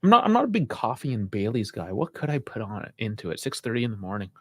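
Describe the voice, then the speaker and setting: A man co-hosting a casual sports live stream, relaxed and laughing often, on a close mic. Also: on the low side, fast talker, no echo. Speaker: podcast co-host.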